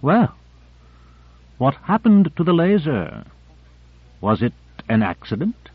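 A man's voice: fairly high pitch, huge pitch swings, slow, husky, no room sound, voice pushed up, exaggerated voice. A man doing a sly, probing sardonic man. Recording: dry narrow phone-like audio.

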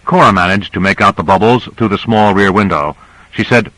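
Bright-voiced male audiobook narrator. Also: lowish voice, no echo, low-quality recording. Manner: measured storytelling.

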